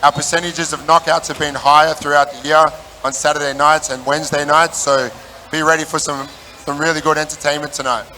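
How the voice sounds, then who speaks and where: A man, the fight promoter, talking in a steady, matter-of-fact way about the fight nights. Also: a little high, fairly quick, a little hiss or hum, poor audio.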